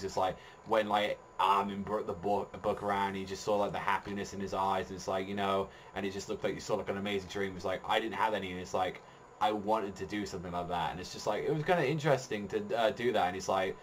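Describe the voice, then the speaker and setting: A man's voice: fairly low pitch, fairly even intonation, quick pace, few pauses, slight background noise. A man giving a casual spoken manga review, rambling with heavy swearing and lots of fillers.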